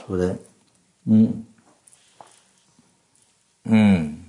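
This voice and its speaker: A man giving a dharma talk as a Buddhist teacher, halting and full of fillers, often coughing and clearing his throat. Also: lowish voice, sing-song, a little mellow. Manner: halting, many fillers and restarts.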